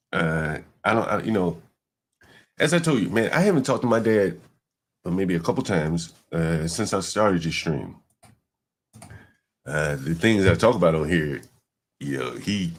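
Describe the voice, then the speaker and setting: Deep-voiced man hosting a loose stream. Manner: rambling, loose and profane. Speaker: livestream host. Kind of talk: casual livestream talk.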